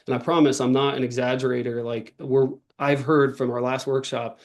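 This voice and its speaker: A man speaking as a guest on a podcast, in an ordinary middle-pitched voice. He talks earnestly in long runs, restarting sentences and filling gaps with "um" and "like". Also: little pitch movement, normal speed. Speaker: podcast guest, author and workshop leader. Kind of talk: casual interview talk.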